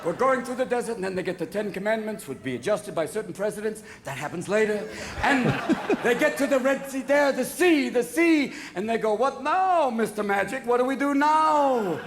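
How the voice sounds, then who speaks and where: A man performing a rapid-fire stand-up comedy routine to a live audience, jumping between voices. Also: high-pitched, expressive, background noise. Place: large comedy venue with audience. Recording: live stand-up, loud crowd, echoey venue.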